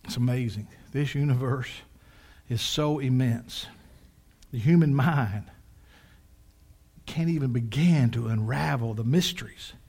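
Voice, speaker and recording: Older preacher guy, folksy jokes, gets real loud then drops way down. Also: mid-range voice, a little slow, long pauses, slightly rough. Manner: dramatic swings from hushed to shouting, folksy asides. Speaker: pastor. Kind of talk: sermon.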